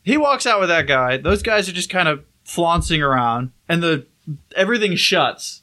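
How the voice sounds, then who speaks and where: A man's voice: a little high, sing-song, moderate pace, bright, forceful tone. A man on a casual podcast, retelling a film's plot in a loose, rambling way with plenty of filler words. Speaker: podcast co-host.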